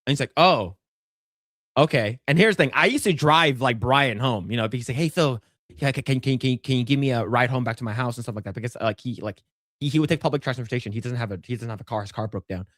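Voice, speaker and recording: A man's voice: medium pitch, quick pace, a bit bright, no echo, studio quality. A man in his thirties co-hosting a podcast, telling a long casual story with stammers and restarts, acting out quotes. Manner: rambling, stammers and restarts, acts out quotes in shifting voices. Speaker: podcast co-host.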